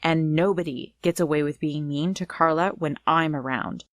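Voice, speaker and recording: A woman's voice: low voice, normal speed, no room sound, lightly acted. A woman voicing a bold, protective teenage big sister who poses as a boy, confident and plain-spoken in a storytime reading. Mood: firm. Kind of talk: storytime narration.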